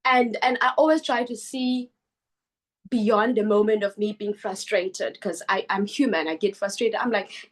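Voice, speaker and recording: Woman on a video call, earnest, keeps restarting her sentences. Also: medium pitch. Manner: earnest, halting with many restarts. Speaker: book club founder speaking at a webinar. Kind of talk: online meeting talk.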